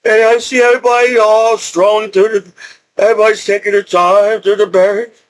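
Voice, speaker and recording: Middle-aged man, high voice, rambling vlog storyteller who repeats himself and restarts a lot. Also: fairly quick, poor audio. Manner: rambling, repetitive, restarts often, excitable. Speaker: vlogger telling stories.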